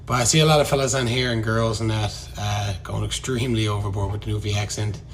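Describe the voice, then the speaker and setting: A man's voice: fairly low pitch, steady tone, quick pace, slight background noise. A man with a Newfoundland accent, a little congested from a head cold, introducing himself casually and modestly with hesitant uhs. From Newfoundland, Canada. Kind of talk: casual selfie-video introduction.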